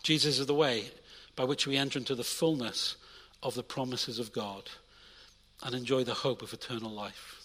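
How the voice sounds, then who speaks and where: A young adult man preaching a sermon in a church, energetic, swinging between loud urging and quiet intimate asides. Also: medium pitch, normal speed, long reverb tail. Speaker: pastor.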